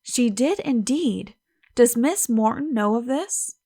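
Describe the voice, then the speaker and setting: A woman's voice: fairly high pitch, animated, takes it slowly, dark tone, no echo, studio quality, heavily acted. Audiobook figure: spirited, indignant young woman, read by a woman.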